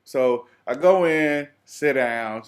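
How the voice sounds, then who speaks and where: Young Southern man, Atlanta accent, mid-pitched voice, spinning a comic personal story with lively exaggeration. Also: takes it slowly. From American South. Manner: animated, dialect-heavy, playful exaggeration. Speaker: vlogger.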